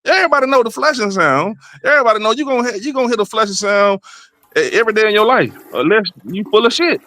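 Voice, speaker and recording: A man hosting a comedy podcast with a loud, rowdy monologue, dropping to low mutters and jumping to high exclamations. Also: lively intonation, fast talker, no echo. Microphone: desk mic, livestream.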